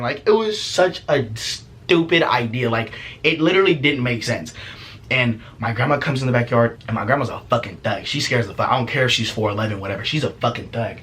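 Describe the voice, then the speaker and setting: A young man casually telling a story as a vlogger, profane and animated, laughing often. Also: mid-range voice, fairly quick.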